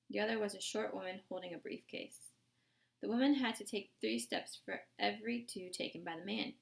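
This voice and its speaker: A woman reading a novel aloud in steady storytelling. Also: mid-range voice, vocal fry. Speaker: audiobook reader.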